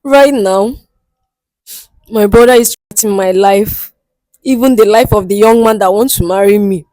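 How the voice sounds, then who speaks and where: A woman's voice: mid-range voice, moderate pace, mellow, no room sound, close to an everyday voice, poor audio. A woman acting a distraught young woman in a comedy skit, crying and pleading for help, repeating herself. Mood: sobbing. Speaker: guest seeking help. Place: studio.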